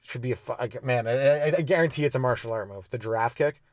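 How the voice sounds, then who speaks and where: Here a fast-talking man with a mid-range voice runs a solo comedy podcast, sounding clean and studio-grade with no room sound. The stand-up host rambles loosely over his jokes, curses freely, laughs at himself, and slides into goofy voices.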